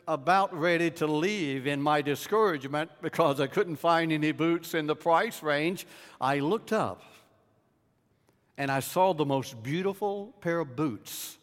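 Slow, storytelling preacher in a reverberant hall. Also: male voice, fairly high pitch. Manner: dramatic storyteller, dropping to a hush in tender moments. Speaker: pastor. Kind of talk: storytelling sermon.

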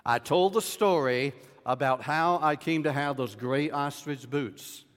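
Male pastor with a slightly high voice, slow dramatic sermon storytelling, drops to a hush in tender moments, long hall echo. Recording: reverberant hall.

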